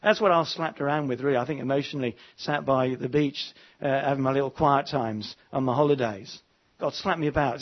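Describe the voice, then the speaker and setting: A man's voice: mid-range voice, steady tone, fairly quick, lo-fi sound. A man preaching an evening sermon, emphatic and repeating his words, with frequent fillers. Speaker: pastor.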